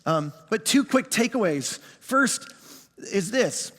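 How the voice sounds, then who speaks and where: A middle-aged male pastor telling a story in a sermon, animated and self-mocking, then dropping into quiet reflection. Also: high voice, takes it slowly. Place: large church auditorium. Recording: long hall reverb.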